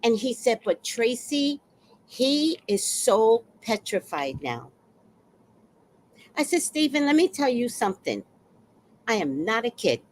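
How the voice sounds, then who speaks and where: Fiery, animated woman in her sixties. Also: a little high, slow, pauses often, slight background noise. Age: 60s. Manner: blunt and fiery, with swearing and sudden loud outbursts. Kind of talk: casual storytelling livestream.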